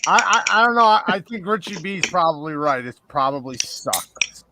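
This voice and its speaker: A man's voice: a little high, animated, normal speed, very noisy. A man in casual chat, teasing and needling the others.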